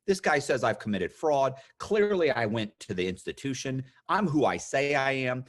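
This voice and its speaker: A man's voice: mid-range voice, moderate pace. A man in his fifties, a guest telling a long story in casual conversation and acting out the other people's lines. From United States. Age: 50s. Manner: animated storyteller, acts out quoted voices. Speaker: interview guest.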